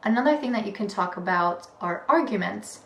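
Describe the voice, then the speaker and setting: A woman's voice: medium pitch, animated, fairly quick. Female English tutor, patient explainer who stretches key words, recorded in an echoey room. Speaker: English teacher. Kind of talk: vocabulary lesson. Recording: echoey room with faint background noise.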